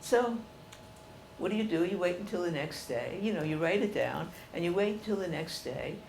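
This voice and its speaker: Older woman with a gravelly, creaky voice. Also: lowish voice, moderate pace, a little hiss or hum. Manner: chatty, animated, laughs while telling. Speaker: speaker telling stories to an audience. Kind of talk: storytelling talk.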